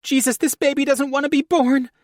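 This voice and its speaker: A male audiobook narrator voicing a frantic, sharp-tongued woman in labor, with a high-pitched, strained squeal. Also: steady tone, a little fast, no echo, studio quality. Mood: panicked pleading. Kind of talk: audiobook character voice.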